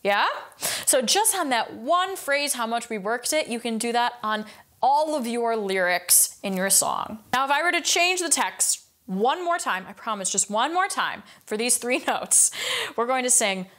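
Woman, young adult, vocal coach, singing lesson, voice a bit on the high side, explains then demonstrates. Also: expressive, unhurried, a bit bright.

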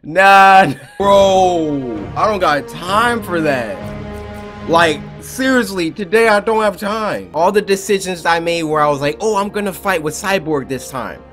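A man giving excited gameplay commentary, loud and trash-talking, shouting at the screen. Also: sits high, unhurried, faint music behind. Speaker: gaming YouTuber.

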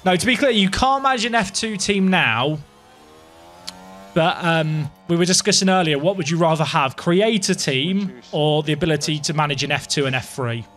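A young man giving live, excitable commentary to his viewers while playing a game, dramatic and self-mocking. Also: a little high, moderate pace. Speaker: game streamer.

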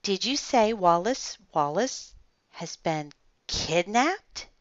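A woman voicing a shy, nervous woman writer with a soft, trembly voice in a storybook reading. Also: mid-range voice, lively intonation, measured pace, clear, resonant tone, no echo, dull audio.

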